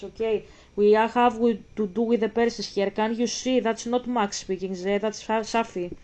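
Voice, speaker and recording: A woman's voice: fairly high pitch, dark tone, low-quality recording. A woman vlogging about a game, talking emphatically, swearing freely and reading scripture aloud. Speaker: gaming vlogger. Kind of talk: casual vlog commentary.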